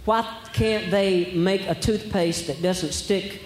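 A man performs stand-up, spinning wry stories and musing rhetorical questions in a high voice. He is captured on a live stage, with a long, roomy hall echo around him and a faint hiss underneath. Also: steady tone, slow pace. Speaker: stand-up comedian. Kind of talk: stand-up comedy routine. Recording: echoey hall, faint background noise.

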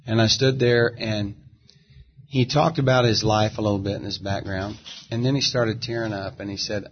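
A man's voice: fairly low pitch, fairly even intonation, slight background noise. A middle-aged man, a gospel singer as interview guest, telling stories in an easygoing, reflective way. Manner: easygoing, reflective, drawn-out storyteller. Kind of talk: relaxed conversational storytelling. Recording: dull, muffled audio.

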